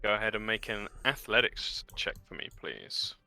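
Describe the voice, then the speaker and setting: A man narrating a tabletop game as game master, relaxed with many fillers. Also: on the low side, moderate pace, creaky, faint music behind.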